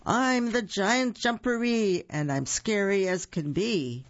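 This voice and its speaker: A reader voicing a boastful, scary unseen creature in a burrow, loud and slow in sing-song rhyme for a storybook. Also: medium pitch, dry recording, highs cut off, pitched above the performer's own voice, natural voice. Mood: booming, menacing.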